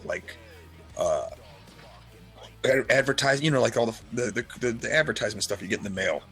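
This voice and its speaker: Man, casual podcast chat, animated storytelling, middle pitch, soft music behind. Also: a little fast, long pauses. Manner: animated storyteller, acts out dialogue. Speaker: podcast co-host.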